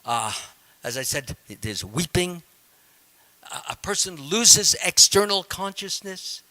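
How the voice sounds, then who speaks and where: A man with a fairly high, bright and forceful voice teaches a devotional scripture class. He talks in a conversational way, builds each point step by step, and now and then turns to quiz his listeners in the temple hall. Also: very animated, slow pace. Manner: conversational, explains step by step and quizzes the audience.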